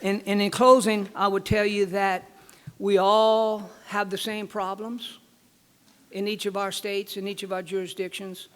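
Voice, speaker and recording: A man's voice: sits high, flat delivery, unhurried. A man giving a folksy conference presentation as a regulatory board member, telling jokes and often repeating his words. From Louisiana.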